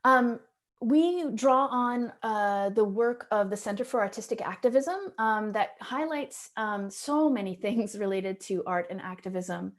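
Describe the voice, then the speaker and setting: A woman educator speaks in a mid-range voice, a little slow, while giving a seminar presentation at a conference. She tells a classroom story thoughtfully, with frequent ums and restarts.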